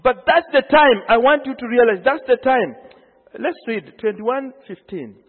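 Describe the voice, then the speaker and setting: A man preaching a sermon, telling the story with animated energy and acting out the quoted lines. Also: very high-pitched, moderate pace. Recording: phone-like sound in a long-reverb hall.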